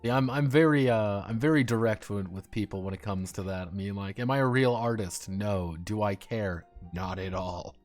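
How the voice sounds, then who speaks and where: A young man with a fairly low voice talks casually on a stream, blunt and direct. He rambles, restarts his sentences and laughs often, over faint music in the background. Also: moderate pace, few pauses.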